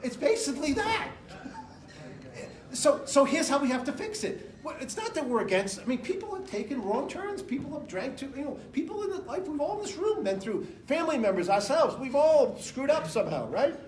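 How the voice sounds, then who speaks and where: High-voiced man rambling through a campaign speech. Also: sing-song, a little fast. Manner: rambling, emphatic, jumps between anecdotes and numbers. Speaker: political candidate. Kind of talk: off-the-cuff campaign speech to a room. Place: indoor room with an audience. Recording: echoey room.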